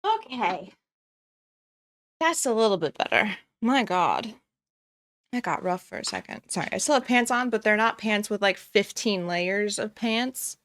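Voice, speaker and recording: A woman's voice: mid-range voice, very animated, a little slow, a bit bright. A young woman streamer giving casual reaction commentary, often breaking into giggles as she talks. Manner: giggly, keeps breaking into laughter.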